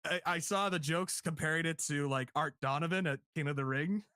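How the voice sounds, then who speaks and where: A man co-hosting a casual podcast review, laughing often and acting out quotes in higher voices. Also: brisk, sharp tone, no room sound, studio quality. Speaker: podcast co-host.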